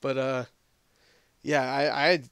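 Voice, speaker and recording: A man's voice: mid-range voice, little pitch movement, takes it slowly, fairly bright tone, smooth, no room sound. A young man hosting a casual movie chat, profane and laughing often. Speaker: podcast host.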